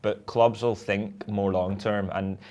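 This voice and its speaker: A man talks football in a relaxed, chatty way. His voice sits fairly low, and his sentences run on loosely, broken up by easy laughs. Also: slow pace. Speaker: podcast co-host. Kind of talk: casual football chat.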